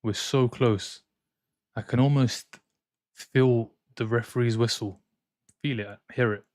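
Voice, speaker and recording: This young football watchalong streamer, talking from his home setup in France, reads out viewers' messages and answers with opinionated, chatty banter. He speaks slowly in a medium-pitched, darkish voice with fairly even intonation, and the close-miked sound has no echo.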